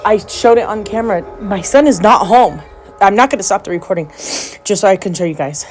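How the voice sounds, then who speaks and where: A woman's voice: mid-range voice, brisk, a little mellow, slight background noise, rough recording. Frightened middle-aged woman filming at home. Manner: frightened, panicky, repeating herself. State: scared, teary-eyed. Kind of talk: amateur home video. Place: house, indoors, upstairs hallway and rooms. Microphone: handheld phone camera.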